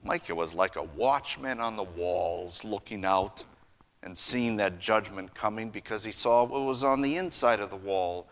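A man preaching a sermon, earnest, swinging between raised emphasis and hushed lines. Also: lowish voice, moderate pace. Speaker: pastor.

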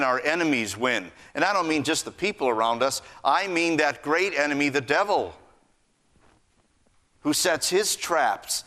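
A man preaching a sermon, earnest, swinging between raised emphasis and hushed lines. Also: fairly high pitch. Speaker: pastor.

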